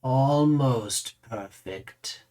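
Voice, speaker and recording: A man voicing a cold, vain male vampire emissary who speaks slowly, in a hushed and deliberate way. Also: medium pitch, lively intonation. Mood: appraising.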